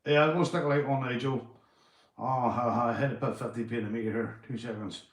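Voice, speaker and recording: A Northern Irish man live-streaming from home, chatting casually, swearing and giving shout-outs to his viewers. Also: medium pitch, steady tone, quick pace, reverberant. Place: indoors at home.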